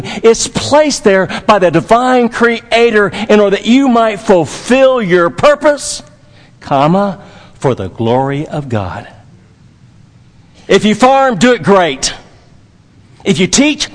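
High-voiced emphatic preacher in a hall. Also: male voice, very animated, takes it slowly, long pauses. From Dallas, Texas. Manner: emphatic, repetitive, with folksy humor. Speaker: pastor. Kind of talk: sermon.

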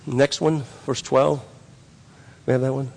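Gravelly preacher man in a reverberant hall. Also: medium pitch, level tone, a little slow, darkish tone. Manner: repetitive, emphatic preaching with many restarts. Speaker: pastor. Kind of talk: sermon. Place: church sanctuary. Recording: long reverb of a church hall.

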